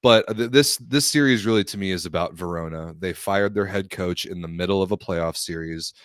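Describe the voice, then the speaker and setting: Male podcast co-host, deep voice, dry close sound, opinionated and scoffing. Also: fairly quick, fairly bright tone, dry recording. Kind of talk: casual sports podcast chat.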